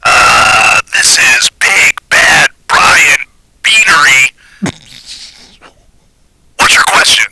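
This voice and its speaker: A man doing a shouting radio DJ. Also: mid-range voice, lively intonation, extremely slow, vocal fry, pauses often, very noisy, exaggerated voice. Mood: hyped. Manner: shouting announcer. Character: loud radio call-in DJ man.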